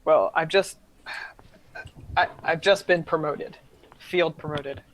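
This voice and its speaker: A man's voice: a little high, slow, fairly bright tone, a little hiss or hum, rough recording. A man voicing a jittery dwarf officer. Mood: nervous. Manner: hesitant, stammering. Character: nervous, squirmy dwarf officer, newly promoted.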